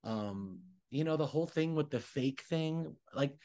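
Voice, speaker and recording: A man's voice: a little high, unhurried. A young adult man hosting a podcast in casual, gossipy chat, bouncing between opinions and acted-out quotes. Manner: animated, gossipy, acts out quotes. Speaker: podcast host.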